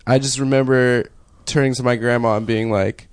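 A man's voice: medium pitch, steady tone, moderate pace, clean tone, no room sound. A man co-hosting a comedy podcast, telling a childhood story in laid-back casual chat. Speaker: podcast co-host.

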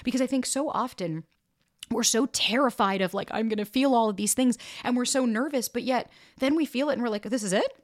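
A woman's voice: a little high, brisk, no room sound, clean studio sound. A young woman hosting a podcast, telling a breakup story bluntly, swearing freely and acting out what people said. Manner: blunt, profane, animated, quotes people in raised voices. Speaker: podcast host and dating coach. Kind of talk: candid casual storytelling.

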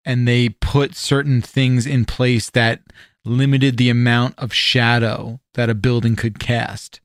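A man's voice: medium pitch, little pitch movement, slow, clear, resonant tone, no echo, studio quality. A man co-hosting a casual podcast, rambling loosely, laughing and swearing as he talks. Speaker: podcast co-host.

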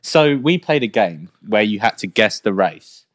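Lively young man, rambling podcast host. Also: on the low side, a little slow, dry recording, clean studio sound. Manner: rambling, animated, swears freely. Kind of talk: casual chat.

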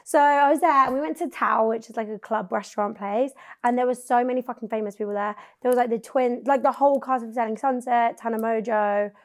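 A chatty young woman with a British accent hosts a casual podcast. Her voice sits a little high. She tells stories in a loose, swearing, teasing way. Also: fairly quick, hardly any pauses. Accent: British English. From England. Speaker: podcast host. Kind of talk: casual chat.

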